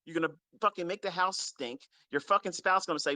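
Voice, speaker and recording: High-voiced, brisk, pushed and bright, a man who teaches trading lays into his followers in an unscripted, profanity-heavy lecture. He is blunt and drives his points by repeating them, and there is no echo.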